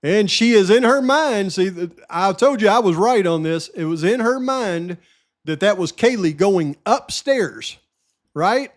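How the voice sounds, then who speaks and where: A man's voice: sits high, animated, measured pace. A man hosting a true-crime channel, talking straight to his viewers in emphatic casual commentary and repeating his points.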